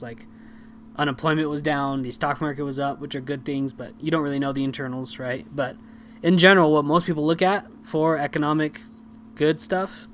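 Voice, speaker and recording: A man's voice: on the high side, a bit bright, a little hiss or hum. A young man hosting a podcast, talking through political news in a casual, chatty, self-deprecating way with lots of fillers. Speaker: podcast host.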